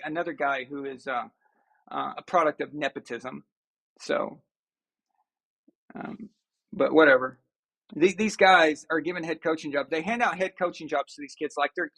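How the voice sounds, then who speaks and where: High-voiced man ranting about football. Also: creaky, a bit bright. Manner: ranting, sarcastic, mocking impressions. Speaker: show host. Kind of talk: opinionated sports talk.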